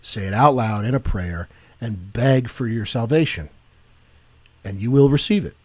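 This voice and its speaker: A man co-hosting a Christian podcast in casual chat, jumping from animated joking to earnest preaching. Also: medium pitch, moderate pace. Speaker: podcast co-host.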